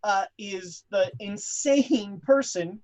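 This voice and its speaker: A woman's voice: medium pitch, a little mellow. A woman hosting a tabletop game stream, chatting casually between sessions and stalling often on fillers and restarts. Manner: halting, many fillers and restarts. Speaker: host of the show. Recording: dull lo-fi audio.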